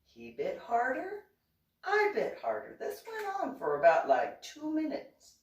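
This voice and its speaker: A woman, a reverend, casually telling stories in a chatty, animated way and giggling often. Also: high voice, a little slow. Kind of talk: casual storytelling. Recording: echoey room, distant from mic.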